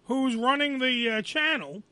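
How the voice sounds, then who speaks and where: High-pitched angry man ranting. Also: unhurried, smooth, no room sound. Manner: angry, loud, swearing, repeats himself. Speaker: radio show host. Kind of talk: profane storytelling rant.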